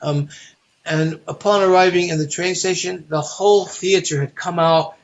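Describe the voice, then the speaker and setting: A man with a fairly high voice tells a rambling travel story as an interview guest, bringing it to life by acting out the people he meets. The recording sounds dull and lo-fi. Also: moderate pace. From United States. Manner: lively storyteller who acts out the people he quotes. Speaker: interview guest, stage performer. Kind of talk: casual anecdote telling.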